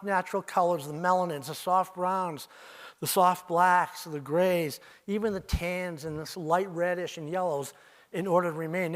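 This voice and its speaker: An older man, an owl researcher, presents a festival talk in an arts center auditorium, his voice fairly high and fairly bright. Drawing the audience into small stories, he speaks to them as "you" and breaks into owl-call imitations from time to time.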